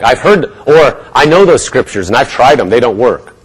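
Male preacher, middle-pitched, emphatic, drops into a mumbled mocking inner voice and rises to bold proclamations. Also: very animated, normal speed, husky, poor audio. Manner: acts out a gloomy mumbling inner voice, then lifts to bold declarations. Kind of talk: sermon.

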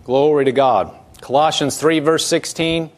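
A man's voice: on the high side, a little slow. A man pastor preaching a sermon in a conversational way, repeating key phrases and restarting sentences as he talks.

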